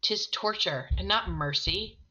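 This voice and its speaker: A woman's voice: medium pitch, unhurried, pushed and bright, highs cut off. A woman reading a desperate banished young lover. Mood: anguished. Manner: impassioned, anguished declaiming.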